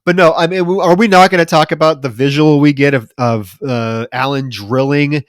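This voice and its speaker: A man's voice: on the high side, steady tone, moderate pace, no room sound, studio quality. A man co-hosting a casual film podcast, retelling scenes in a wry, conversational way. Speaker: podcast co-host.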